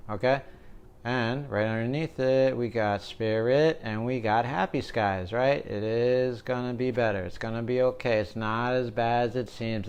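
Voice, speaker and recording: Casual male tarot reader, young, smooth resonant voice, jokey and digressive. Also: medium pitch. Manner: joking, rambling, keeps asking "right?".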